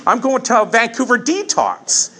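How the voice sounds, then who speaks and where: A man in his fifties telling his own recovery story from the front of a meeting room, candid and halting, often restarting and repeating phrases. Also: very high voice, huge pitch swings, pushed and bright, slightly rough. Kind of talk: personal testimony at a recovery meeting.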